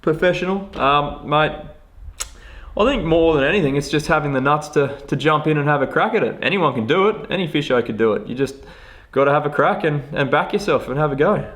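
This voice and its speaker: A young Australian man answering viewer questions about fishing in a relaxed, joking, self-deprecating chat full of slang. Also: on the high side, a little fast. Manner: laid-back, matey slang, self-deprecating. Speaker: fishing vlogger. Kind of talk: casual Q&A chat.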